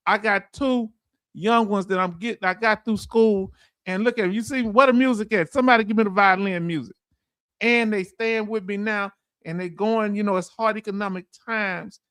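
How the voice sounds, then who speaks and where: A man's voice: high voice, steady tone, normal speed, fairly bright tone, smooth, no echo, studio quality. A middle-aged man with a Southern US accent hosting a casual livestream, joking, laughing and reading out viewer comments. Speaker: livestream host.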